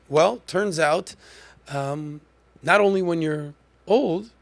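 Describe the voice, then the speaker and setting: A man's voice: a little high, slow pace, vocal fry, long pauses. Punchy man hosting a podcast. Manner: emphatic, punchy, conversational. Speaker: podcast host. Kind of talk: podcast commentary monologue.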